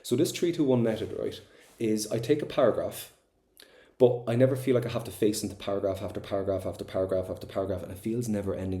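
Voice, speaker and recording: A fast-talking Irish man runs a revision class, chatty and encouraging as he answers students by name. His voice is low-pitched and mellow. The sound has a noticeable roomy echo. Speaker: Irish teacher.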